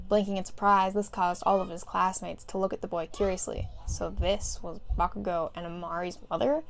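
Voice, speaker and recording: A woman's voice: fairly low pitch, steady tone, a little fast, gravelly, few pauses. A woman casually reading a fan story aloud, who often giggles and breaks off to restart a line. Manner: giggles through lines, stumbles and restarts. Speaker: fan fiction reader.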